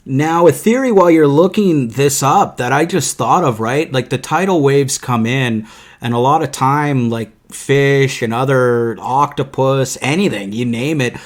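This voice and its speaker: Guy cracking jokes on a podcast, casual banter, mid-pitch voice. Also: unhurried. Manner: joking, animated asides. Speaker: podcast co-host.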